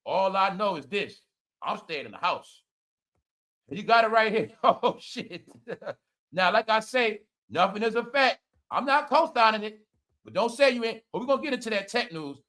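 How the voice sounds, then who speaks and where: A man giving casual comedic commentary to his audience, loud and profane, laughing often and swinging between shouting and muttering. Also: high-pitched, animated, moderate pace. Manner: profane, talks straight to the audience. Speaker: online commentator.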